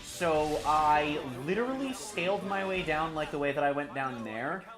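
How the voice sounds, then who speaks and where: A man with a slightly high voice gives rambling, joking commentary while live streaming a game, animated and at a moderate pace. There's mild swearing, a roomy sound, and game music in the background.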